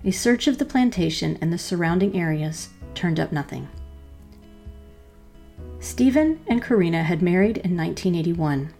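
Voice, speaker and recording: Low, gravelly woman storyteller. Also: lively intonation, moderate pace, mellow, soft background music. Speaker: podcast host and storyteller. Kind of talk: storytelling narration.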